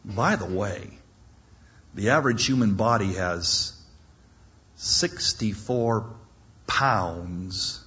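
A man's voice: sits low, fairly bright tone, muffled recording. A man preaching a sermon with dramatic storytelling and jokes.

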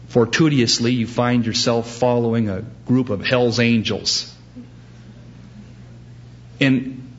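A man preaching a sermon as pastor, animated and acting out the voices he quotes. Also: mid-range voice, highs cut off.

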